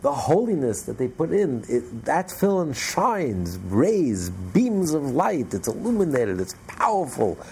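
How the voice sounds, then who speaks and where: A man teaching a religious class, telling a story in an animated way with frequent restarts. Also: mid-range voice, measured pace, few pauses, a little hiss or hum.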